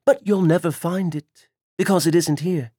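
A man raising his voice into a cold woman vampire, taunting, mocking, high, dry audiobook sound. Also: normal speed, dark tone, slightly rough, no echo. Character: cold, defiant female vampire, centuries old.

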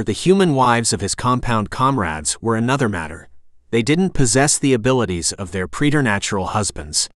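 A man narrating an audiobook in a measured, steady way. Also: medium pitch, no room sound, studio quality. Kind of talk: scripted narration.

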